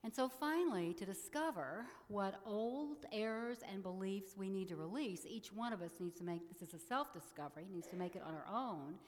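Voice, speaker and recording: A middle-aged woman minister giving a sermon in a church, leading the congregation in spoken affirmations in a measured way. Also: medium pitch, lively intonation, long reverb tail.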